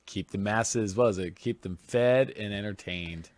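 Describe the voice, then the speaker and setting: A man's voice: fairly low pitch, a little slow, no echo. A man co-hosting a podcast in casual chat, blunt and argumentative, swearing freely. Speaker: podcast co-host.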